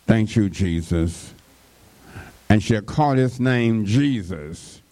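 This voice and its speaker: A man's voice: on the low side, expressive, slow, dark tone. A man preaching a sermon, drawing out his words and breaking in with frequent call-and-response interjections to the congregation.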